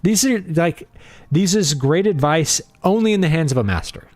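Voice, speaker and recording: Opinionated man with a lively voice. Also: on the high side, normal speed, dry recording. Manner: opinionated, blunt, playful. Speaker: livestream host and writer. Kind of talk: casual livestream talk.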